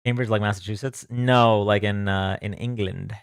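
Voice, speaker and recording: A man's voice: lowish voice, fairly even intonation, normal speed, gravelly, clear, resonant tone, no echo, clean studio sound. A young man hosting a live stream from home, chatting casually and greeting viewers by name in a loose, joking way. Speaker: livestream host.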